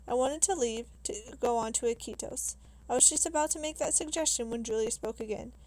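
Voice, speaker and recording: A woman reading a novel aloud in a steady, measured way, with small restarts now and then. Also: fairly high pitch, rough recording. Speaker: reader.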